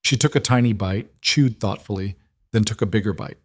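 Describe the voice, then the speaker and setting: A man narrating a romance audiobook in a steady storytelling manner. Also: lowish voice, fairly quick, dry recording, clean studio sound.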